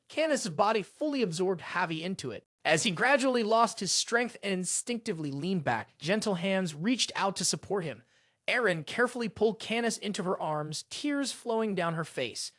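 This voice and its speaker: A recap narrator tells a fantasy saga, the pitch rising and falling in lively arcs. The sound is close and dry with no room around it. Every character's line comes out in the same narrating voice. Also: normal speed, no echo. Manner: reads all characters' lines in the same narrating voice. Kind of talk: dramatic story recap narration.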